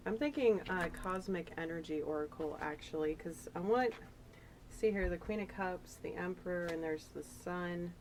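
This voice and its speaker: A woman with a low voice gives a casual tarot reading, chatty and rambling. She gets emotional as she talks. Faint noise sits behind her. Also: normal speed, low-quality recording. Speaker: tarot reader.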